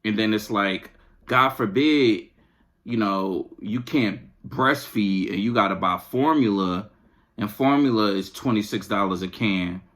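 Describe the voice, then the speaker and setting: A man's voice: on the low side, measured pace, a bit bright. A man hosting a podcast, venting in a casual, exasperated, slangy rant. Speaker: podcast host.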